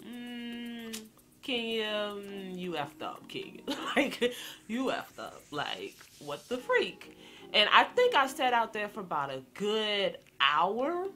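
Animated young woman telling a story. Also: on the low side, measured pace, faint music behind. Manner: animated, slangy, talks to viewers directly. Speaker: vlogger. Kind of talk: storytime vlog.

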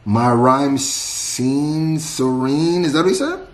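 A man's voice: on the high side, slow, loud music behind the voice. Laid-back man reacting, echoey room. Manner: laid-back, repeats lines back and muses. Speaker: reaction video host. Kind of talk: casual reaction commentary.

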